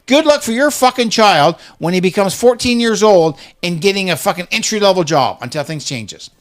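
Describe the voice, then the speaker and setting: A man's voice: high voice, animated, moderate pace. A middle-aged man in casual chat, ranting heatedly and swearing constantly.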